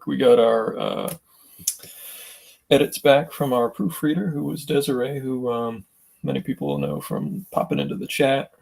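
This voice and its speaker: A man talks through his art stream in a casual, halting way, full of pauses. His voice is gravelly and husky, with a mid-range pitch. He is feeling unwell. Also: a little mellow. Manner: halting, unhurried, with many pauses and fillers. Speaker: comic artist hosting a drawing livestream. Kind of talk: casual livestream talk.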